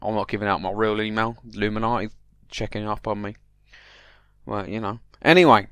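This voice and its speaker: Man, comic podcast host, mock-paranoid rambler, smooth voice, dry close mic. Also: lowish voice, steady tone, moderate pace, long pauses, a bit bright, dry recording. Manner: addresses the listener directly. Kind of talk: mock-serious comic monologue.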